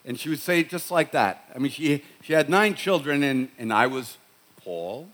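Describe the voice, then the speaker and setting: A man's voice: on the high side, normal speed, a bit bright. A middle-aged man with a Boston accent, preaching a sermon in a conversational storytelling way, often restarting his sentences. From Boston, USA. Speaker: pastor.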